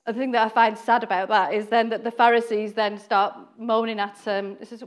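A woman's voice: fairly high pitch, level tone, brisk, few pauses. Chatty woman preaching. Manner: chatty, acts out quoted voices, laughs often. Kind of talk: informal sermon.

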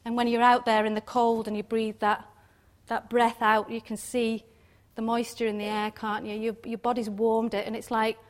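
A woman's voice: on the high side, flat delivery, moderate pace, hardly any pauses. Chatty woman giving a devotional talk. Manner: chatty, laughs often, many tag questions. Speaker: Bible teacher.

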